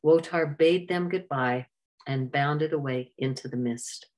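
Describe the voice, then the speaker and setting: A woman reads an adventure storybook aloud in a steady, clear voice. Her voice sits low, and she keeps an even storyteller's pace. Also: measured pace. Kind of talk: storybook narration.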